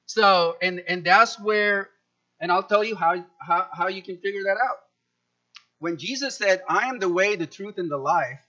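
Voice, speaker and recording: A man preaching a sermon, animated, often repeating words and acting out quoted speech with sudden loud jumps. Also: high voice, lo-fi sound. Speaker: pastor.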